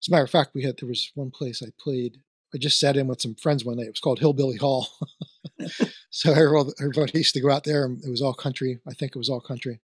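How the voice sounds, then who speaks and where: A man with a Philadelphia-area accent hosts a casual chat, circling his points with fillers and restarts. His voice sits at a middling pitch. The recording is dry and close. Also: fairly even intonation, fast talker, breathy edge, no room sound. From New Jersey, near Trenton. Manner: rambling, many fillers and restarts. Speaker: podcast host.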